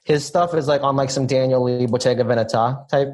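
A man chatting casually as a podcast guest, laid-back, laughing often, with halting restarts. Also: mid-range voice, fairly even intonation, a little mellow. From Filipino heritage. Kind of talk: casual chat.

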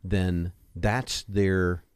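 A man co-hosting a podcast, musing in a halting, philosophical way in a studio. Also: deep voice, flat delivery, clear, resonant tone, no echo. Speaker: podcast co-host. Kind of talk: casual comedic commentary.

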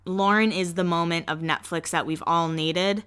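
Smooth-voiced chatty woman podcaster. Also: on the low side, steady tone, a bit bright. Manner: chatty, gossipy, quick asides. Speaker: podcast host. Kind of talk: casual pop-culture recap.

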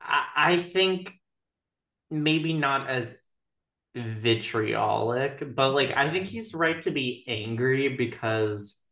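A woman's voice: rumbling low, animated, slow, fairly bright tone. A woman co-hosting a podcast in casual chat, talking loosely and filling her sentences with "like". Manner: chatty, leans on "like" as a filler. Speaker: podcast co-host. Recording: echoey room.

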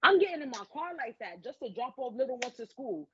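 A woman's voice: a little high, brisk, few pauses. Woman with a New York accent. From the Bronx, New York. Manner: animated, profane, slangy. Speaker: guest. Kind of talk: casual interview chat. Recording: dull lo-fi audio with faint noise.

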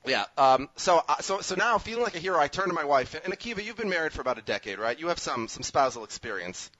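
A man from Minnesota with a New York accent, hosting a podcast and telling a story in an animated, self-mocking way, with quick restarts. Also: a little high. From Minnesota, USA. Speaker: podcast host. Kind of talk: casual storytelling chat. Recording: dry, slightly muffled sound.

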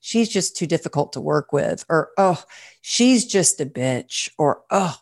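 A woman's voice: deep voice, lively intonation, measured pace, a little mellow. A woman hosting a podcast, talking in an earnest, candid, personal way. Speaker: podcast host. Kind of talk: podcast interview conversation.

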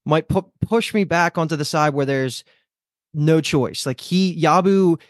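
A man's voice: a little high, unhurried, no echo, studio quality. Chatty man hosting a podcast. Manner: chatty, swears casually, rambling. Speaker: podcast host. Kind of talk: casual show discussion.

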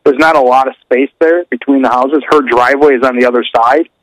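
A man's voice: mid-range voice, brisk, poor audio. A man co-hosting a casual podcast, reacting to a story with short remarks and follow-up questions. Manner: relaxed, chimes in with reactions and questions. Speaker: podcast co-host.

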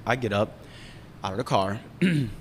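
A young man in casual chat, candidly telling a story, profane and animated as he talks. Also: moderate pace. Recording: roomy reverb with faint rumble.

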